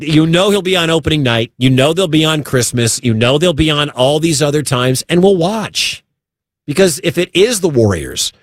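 A male sports radio host with a slightly high voice talks emphatically and hammers his points home through repetition. The sound is dry and close, with no room around him. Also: no echo. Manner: emphatic, repeats points for stress. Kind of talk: sports talk radio monologue.

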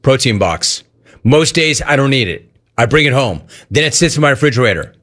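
A man hosting a call-in talk radio show, telling stories and ranting in an animated way. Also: medium pitch, a little fast.

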